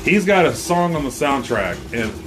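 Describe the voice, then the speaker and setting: Lively man chatting on a podcast. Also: medium pitch, moderate pace. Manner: animated, laughs and exclaims, loose and profane. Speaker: podcast co-host. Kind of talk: casual comedic podcast banter.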